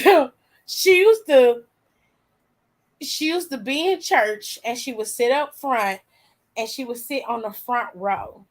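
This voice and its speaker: Woman, forties, casual storytelling host, cussing freely, animated, slightly high voice. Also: poor audio. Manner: animated, profane, laughs often.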